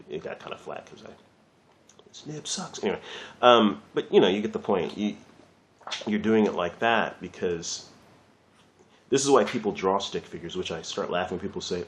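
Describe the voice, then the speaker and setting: A man's voice: low voice, normal speed. A man giving a casual, rambling drawing lesson while he works, chatting loosely and swearing lightly. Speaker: art teacher.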